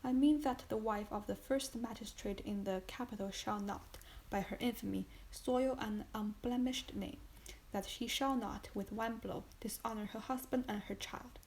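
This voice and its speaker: Casting: woman reading a stern, icy male magistrate, calm contempt, audiobook. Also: a little high, normal speed, slight background noise, close to an everyday voice, low-quality recording. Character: cold, stern male magistrate accusing his wife.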